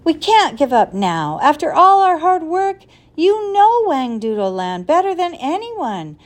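A woman's voice: fairly high pitch, very animated, a little slow, darkish tone, voice pushed up. A woman voicing a bold, determined boy who argues insistently. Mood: urgent. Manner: insistent, pleading.

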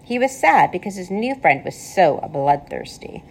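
A woman narrating a children's novel aloud, expressive storytelling. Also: mid-range voice, normal speed, rough recording. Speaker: reader.

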